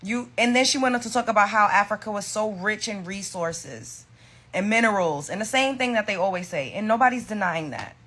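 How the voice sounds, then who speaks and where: A woman's voice: mid-range voice, brisk, a bit bright. A woman from the United States reacts to a video clip and pushes back point by point. Her delivery is pointed and firm. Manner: pointed, rebutting. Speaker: commentator. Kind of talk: reaction commentary.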